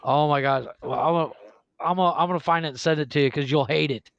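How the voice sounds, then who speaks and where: A man co-hosting a podcast in casual chat, rambling and animated and often laughing. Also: on the high side, fast, creaky, no room sound, highs cut off. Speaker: podcast co-host.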